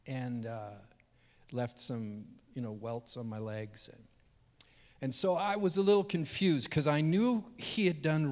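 A man preaching a sermon as a pastor, telling a personal story earnestly, dropping low and quiet and then rising loud and high when moved. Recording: reverberant hall.

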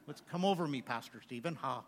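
A man's voice: medium pitch, brisk, slight background noise. A man preaching a sermon, mixing scripture readings with joking, self-mocking asides. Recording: long hall reverb.

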